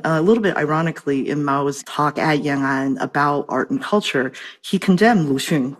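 Articulate woman professor on a remote line. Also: low-pitched. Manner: articulate, lecturing. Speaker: professor and translator. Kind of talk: expert interview.

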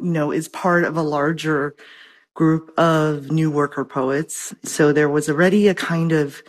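A woman's voice: deep voice, steady tone, unhurried. A woman professor and translator speaking as an expert guest, articulate and explanatory, heard over a remote connection. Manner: articulate, lecturing. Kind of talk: expert interview.

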